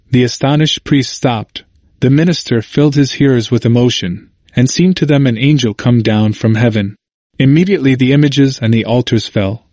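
A man reading a church history aloud in a measured audiobook narration, lifting his voice for quoted shouts. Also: dry recording. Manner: measured, raising pitch for quoted cries.

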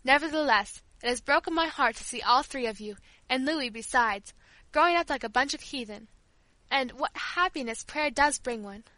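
Devoted elderly servant woman in a storybook, tender and earnest, high bright voice, read by a woman. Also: expressive, normal speed, no room sound, low-quality recording. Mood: fond. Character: kindly old female family servant, devoted.

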